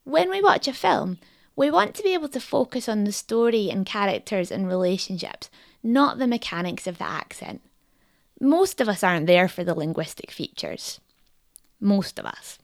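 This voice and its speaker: A woman hosting a podcast in scripted narration, wry and reflective. Her voice has a gravelly, creaky texture. It is close and dry, with no room sound. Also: medium pitch, big pitch swings, normal speed, no room sound. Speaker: podcast host.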